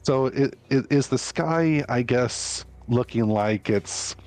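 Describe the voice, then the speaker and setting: A man's voice: mid-range voice, takes it slowly, a little mellow, dry recording. A man playing in a tabletop game, talking hesitantly with lots of ums. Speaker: player. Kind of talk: casual tabletop play.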